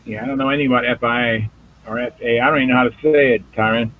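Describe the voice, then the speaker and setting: A man's voice: medium pitch, fairly even intonation, racing. A man hosting a casual video hangout, talking in a rambling way with lots of fillers over a video call. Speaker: host of a hobby video hangout. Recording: tinny phone-like audio.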